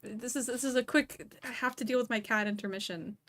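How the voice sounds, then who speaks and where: A woman's voice: a little high, fairly quick, a bit bright. A young woman streaming, chatting casually and laughing a lot while fussing over her cat. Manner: chatty, giggly, distracted, talking to her cat. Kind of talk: casual livestream chat.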